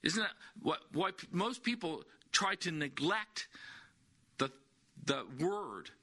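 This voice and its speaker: A man's voice: high voice, animated, slow, bright, forceful tone. A man preaching a sermon, emphatic, repeating key words and asking rhetorical questions.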